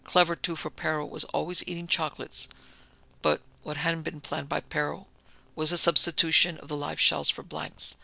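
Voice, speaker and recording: Gravelly man reading a story aloud. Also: fairly high pitch, little pitch movement, moderate pace, sharp tone, no echo. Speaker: audiobook narrator. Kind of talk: storybook reading of a pulp detective tale.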